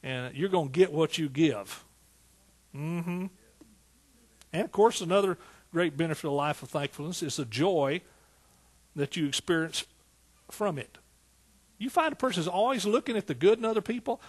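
A man with an East Texas accent preaching a sermon in a folksy, animated way, full of rhetorical questions. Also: a little high, normal speed, pauses often, slightly rough. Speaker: pastor.

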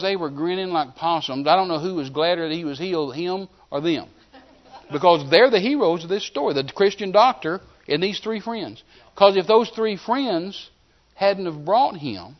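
A man preaching a sermon, telling a healing story in an animated way and acting out the scenes. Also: high voice. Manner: animated storyteller who acts out scenes and shouts commands. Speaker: evangelist preacher. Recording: dull lo-fi sermon recording.

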